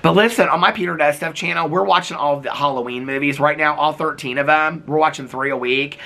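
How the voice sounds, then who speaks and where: A young man in a casual vlog, chatting in an animated, gossipy way with exasperated asides. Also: mid-range voice. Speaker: vlogger reviewing reality TV. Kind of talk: casual chat to camera.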